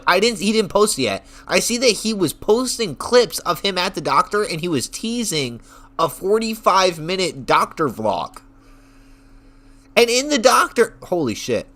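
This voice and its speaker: A male streamer rants casually to his viewers, excitable and quick to swear as he rambles through his story. His voice sits a little high and has a bright, tense edge. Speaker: online streamer. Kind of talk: casual reaction rant.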